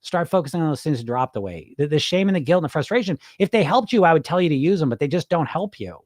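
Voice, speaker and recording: A man's voice: on the high side, very animated, fast talker, darkish tone, no room sound, studio quality. A middle-aged man coaching on weight loss in a loose, rambling live-stream chat, swearing casually and restarting his sentences.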